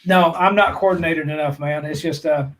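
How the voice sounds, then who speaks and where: A man's voice: a little high, fairly even intonation, normal speed, rough recording. A man, co-hosting a casual live-stream chat in a folksy, joking way. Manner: folksy, jokey, calls people brother. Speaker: prepping channel co-host.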